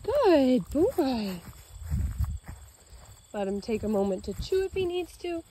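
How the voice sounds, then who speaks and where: A woman dog trainer explaining leash walking while praising her dog in a bright, high voice outdoors. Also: very animated, a little fast, slight background noise. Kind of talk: narrating a leash-training demo.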